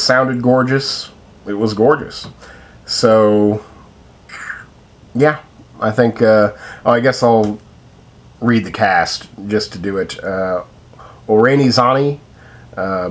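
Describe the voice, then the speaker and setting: A man giving a casual spoken film review, hesitant and full of fillers and restarts. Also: on the low side.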